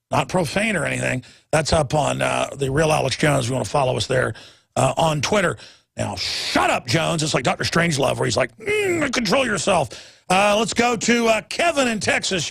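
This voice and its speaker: A man's voice: fairly high pitch, vocal fry, a bit bright, slightly rough, no echo. A man hosting a call-in talk radio show, ranting in an emphatic, rambling way.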